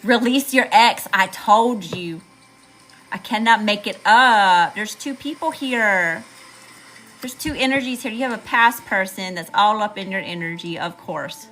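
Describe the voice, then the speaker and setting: A woman's voice: mid-range voice, unhurried, a bit bright, soft background music, poor audio. A woman with a Southern US accent giving a chatty, slangy live tarot reading to viewers, calling them y'all. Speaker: tarot reader.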